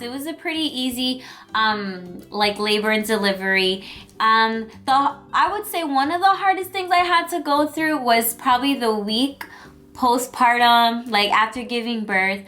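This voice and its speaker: A young woman shares her story in a chatty, emotional way, with many fillers along the way. Her voice sits a little high and sounds bright. Faint music plays underneath. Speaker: vlogger. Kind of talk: personal storytelling vlog.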